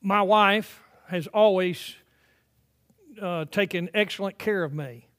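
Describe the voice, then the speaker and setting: A pastor, an older man with a high voice, gives a sermon inside a church sanctuary. The emphatic delivery rises in loud swells and then subsides into hushed, drawn-out lines.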